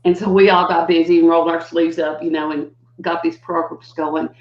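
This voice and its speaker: Older woman guest on a video call, lively storyteller who slips into voices, echoey room, muffled audio. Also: brisk. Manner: animated, acts out quotes with big pitch jumps. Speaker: guest educator. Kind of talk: conversational storytelling. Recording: dull lo-fi audio in a roomy space.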